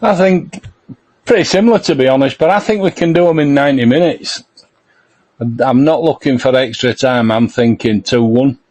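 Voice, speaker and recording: A man co-hosting a podcast, talking in a measured, thoughtful way. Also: mid-range voice, a little mellow. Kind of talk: casual chat.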